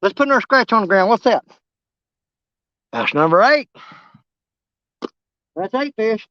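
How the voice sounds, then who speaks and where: Folksy man, lively voice. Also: high-pitched, a little slow, no room sound, dull audio. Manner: folksy, excitable, joking. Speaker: fishing vlogger. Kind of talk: casual outdoor vlog chat.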